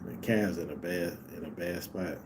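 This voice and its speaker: A man's voice: sits low, normal speed, background noise. A man casually commenting on a live basketball game for his stream viewers, laid-back and slangy, talking straight to them.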